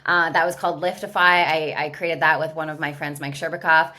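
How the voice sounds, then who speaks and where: Low-voiced, bright-toned woman guest. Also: a little fast. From California, USA. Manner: candid, animated storytelling with frequent "like" fillers. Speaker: guest, business founder. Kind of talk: casual interview chat.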